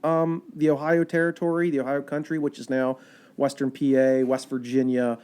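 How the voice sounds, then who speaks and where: A man, a park ranger guest, telling history in a chatty, animated storytelling way. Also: medium pitch, normal speed, clear, resonant tone. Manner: animated, chatty storyteller with fillers and quoted asides.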